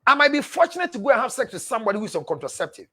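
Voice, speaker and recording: This relationship counselor on a live show speaks at an extremely high pitch, sing-song and very fast, with a sharp, slightly rough tone. He reads viewers' messages aloud and answers emphatically and preachily, repeating phrases for stress and calling listeners "my dear."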